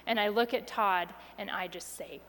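A woman telling a personal story to an audience with expressive delivery, going soft and quiet at the tense moments. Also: medium pitch, normal speed, in a large hall, a little hiss or hum.

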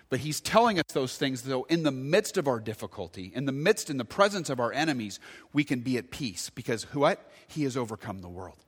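A man, preaching a sermon and telling a story with sudden loud bursts. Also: mid-range voice, breathy edge, big-room sound. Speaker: pastor.

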